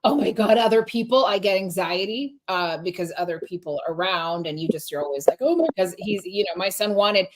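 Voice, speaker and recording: A woman's voice: medium pitch, fairly quick, hardly any pauses. Woman co-host, casual chat, rambling, trails off and restarts. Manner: rambling, many restarts and fillers. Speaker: podcast co-host.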